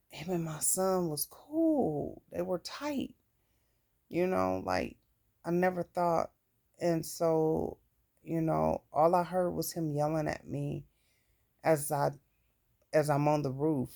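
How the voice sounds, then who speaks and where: A woman vlogger tells her own life story candidly and plainly, swearing casually along the way. Her voice is low, creaky and warm.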